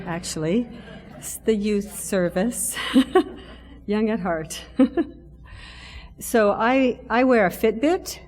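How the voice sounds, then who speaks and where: Middle-aged woman preaching in reverberant church. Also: mid-range voice. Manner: warm self-deprecating humor, conversational. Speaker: lay preacher. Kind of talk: sermon. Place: church sanctuary.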